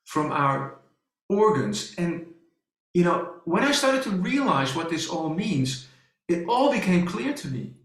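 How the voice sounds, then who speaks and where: A man giving a presentation and telling a personal story to an audience, halting, with many restarts and fillers. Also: fairly high pitch, a bit bright. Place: presentation hall. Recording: echoey room.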